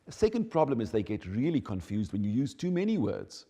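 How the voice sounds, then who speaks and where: Male educator, deep warm tone, expressive teaching delivery, reverberant hall. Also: brisk. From South Africa. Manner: animated, emphatic teaching delivery. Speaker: educator on child development. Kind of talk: explanatory talk.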